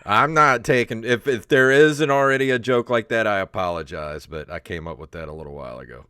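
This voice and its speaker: A man's voice: lowish voice, a little fast, pushed and bright, clean tone, no echo, studio quality. A man co-hosting a comedy podcast, joking, stammering, laughing often. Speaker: podcast co-host. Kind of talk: casual comedy chat.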